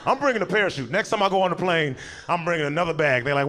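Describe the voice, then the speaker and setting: A man doing a stand-up comedy set on a club stage, animated, now and then jumping into high squealing voices for other people. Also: fast, a little hiss or hum. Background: audience laughter.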